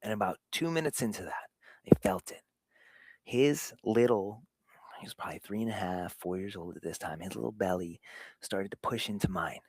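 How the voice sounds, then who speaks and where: A man hosting a show, giving an earnest motivational talk on fatherhood, swinging between hushed and emphatic delivery. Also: on the low side, normal speed, slightly rough, dry recording. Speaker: show host.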